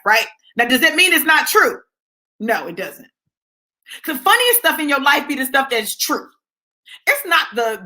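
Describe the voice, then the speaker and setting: Speaking straight to her viewers, a vlogger tells stories in a casual monologue, her bright, forceful voice swinging from low asides to high exclamations. She keeps checking in with "right?"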